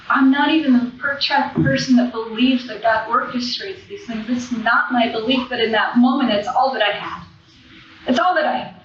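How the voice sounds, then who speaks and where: A woman's voice: a little high, slight background noise. A woman giving a raw, profane personal recovery testimony from a podium at a convention, with emotional swells in her voice. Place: large convention hall. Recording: echoey, distant, dull hall recording.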